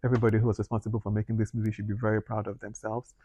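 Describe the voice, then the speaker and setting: A man's voice: fairly low pitch, little pitch movement, racing, dark tone, no echo. A man giving a casual, rambling movie review, acting out his own reactions with sudden gasps and exclamations. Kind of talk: casual spoken film review.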